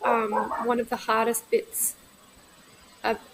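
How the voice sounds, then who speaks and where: A woman in her thirties talking candidly in a casual podcast conversation, reflective and halting, often restarting her sentences. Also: on the high side, monotone, very noisy. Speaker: guest, midwife.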